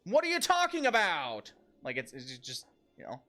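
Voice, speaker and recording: Rambling, excitable gaming streamer man. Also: high-pitched, normal speed, faint music behind. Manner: rambling, excitable, laughing and swearing. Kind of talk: casual livestream gaming commentary.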